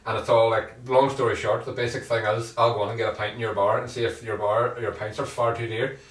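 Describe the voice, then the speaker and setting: A man's voice: on the low side, flat delivery, fast talker, recorded from a distance. A man co-hosting a podcast, telling stories with laughs and swearing. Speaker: podcast co-host. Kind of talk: casual chat. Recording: roomy, off-mic sound.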